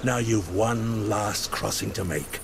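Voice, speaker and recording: An actor playing a kindly ghostly pirate lord in a video game, guiding a newcomer in an encouraging storytelling way. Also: male voice, lowish voice, slow, creaky. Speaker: game character. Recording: game audio with steady noise.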